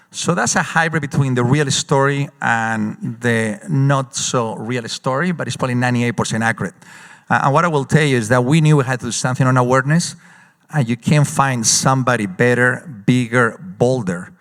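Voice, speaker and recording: A man who is a company executive, speaking as a guest in a live on-stage conference interview and telling stories in an animated way with quick bursts and frequent fillers. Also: medium pitch. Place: large conference hall. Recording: long hall reverb.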